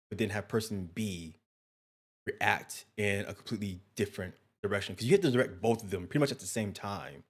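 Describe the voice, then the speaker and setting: A man's voice: on the low side, expressive, a little fast. A man hosting an interview, asking long, loosely phrased questions. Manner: asks long, restarting questions.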